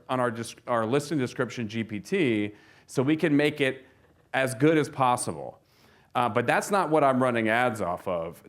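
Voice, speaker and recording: A man giving a casual seminar talk to an audience of real estate agents, telling stories with lots of fillers and restarts. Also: mid-range voice. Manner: chatty storyteller, frequent fillers and restarts.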